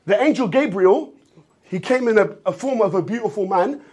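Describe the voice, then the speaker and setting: Guy, high husky voice, animated comic storyteller. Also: normal speed. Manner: animated, repetitive, bursts into shouting. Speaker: streamer in a therapy skit.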